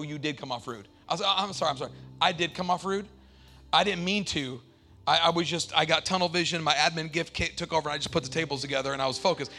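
A middle-aged male pastor preaching a sermon, moving from shouted, sing-song climaxes to relaxed, chatty storytelling with acted-out quotes. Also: a little high.

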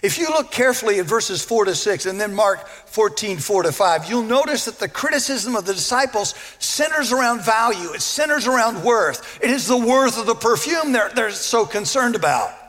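Male preacher, very high voice, earnest sermon, emphatic repeats, long hall reverb. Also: animated, normal speed, hardly any pauses, a bit bright. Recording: long echo of a large hall.

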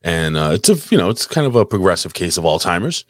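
Deep-voiced man telling a rambling story. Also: very animated, fast, no echo, studio quality. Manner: rambling storyteller, swears a lot. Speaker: podcast host. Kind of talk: casual crude chat. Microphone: desk mic, live stream.

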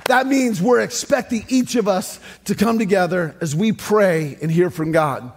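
High-voiced preacher man. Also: a little slow, noisy background. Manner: upbeat, joking, sing-song preaching cadence. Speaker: pastor. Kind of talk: sermon. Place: church sanctuary.

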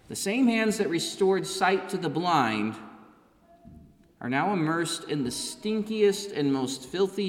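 An earnest male pastor delivers a sermon, hammering his points home with repeated phrases. His voice is on the high side for a man, and a long reverb rings out behind every word in the large, echoey church. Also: fairly bright tone. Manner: earnest, emphatic repetition.

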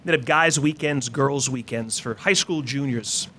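A man's voice: mid-range voice, a little slow, sharp tone, slight background noise. A Catholic priest in his fifties giving a sermon in a casual, conversational storytelling way, full of fillers and asides. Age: 50s.

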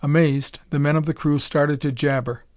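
A man reading an adventure story aloud in a steady audiobook narration. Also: a little high, moderate pace, dry recording, clean studio sound.

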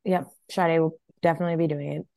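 A young woman with a fairly low voice co-hosts a podcast in casual chat. She is blunt and profane and laughs a lot. It is recorded dry and close. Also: steady tone, quick pace, gravelly, warm tone, no room sound. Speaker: podcast co-host.

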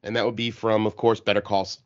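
An enthusiastic man talks casually on a podcast panel, halting with fillers and breaking off for hiccups. The audio is dull and lo-fi. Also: on the low side, level tone. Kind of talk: casual chat.

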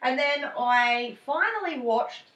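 A woman's voice: high voice, expressive, slow, fairly bright tone, far from the mic, dull audio. A woman co-hosting a podcast in a casual chat, laughing often and swearing lightly. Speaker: podcast co-host. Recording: echoey room, a little off-mic.

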